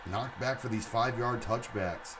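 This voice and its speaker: A man giving live play-by-play commentary on a game stream, excitable, with chatty asides. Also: mid-range voice, measured pace, crowd noise. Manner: excitable, rises to shouts on big plays, chatty asides.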